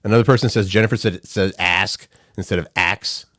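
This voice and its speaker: A man with a lowish voice co-hosts a morning show, chatting casually and cracking playful asides. The sound is close and dry, with no room around it. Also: steady tone, brisk, fairly bright tone, no room sound. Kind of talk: casual radio chat.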